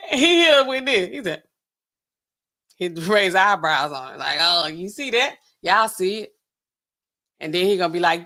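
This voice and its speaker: Speaking in a lowish, pushed, bright voice, this young pharmacist hosts a laid-back reaction livestream, addressing her viewers directly with frequent laughter.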